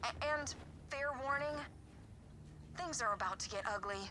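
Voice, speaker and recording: A woman voicing a wry female mission handler in a video game, speaking briskly. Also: on the high side, close to an everyday voice. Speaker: game character giving orders. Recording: game audio with background noise.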